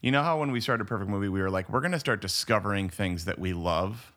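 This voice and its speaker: A man's voice: on the low side, fast, a bit bright. A man co-hosting a movie podcast in casual chat, enthusiastic and rambling, full of "like" and restarts. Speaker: podcast co-host.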